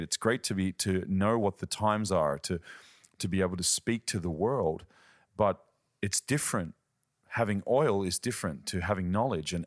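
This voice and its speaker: A man's voice: fairly low pitch, no room sound, studio quality. A man, a ministry leader and podcast guest, teaching earnestly in conversation and telling stories. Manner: earnest, storytelling, uses quoted voices.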